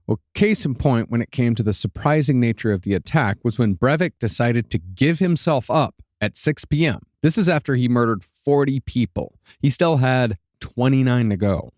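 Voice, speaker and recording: A man hosting a podcast, recounting events in a steady, matter-of-fact storytelling style with dry asides, recorded in a studio. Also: mid-range voice, moderate pace, hardly any pauses, dry recording. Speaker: podcast host and narrator. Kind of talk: storytelling true-crime narration.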